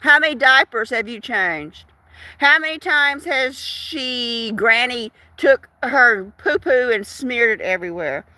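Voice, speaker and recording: Animated, indignant woman live-streaming. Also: a little high, unhurried, dry recording. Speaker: livestream host. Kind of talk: casual ranting live chat.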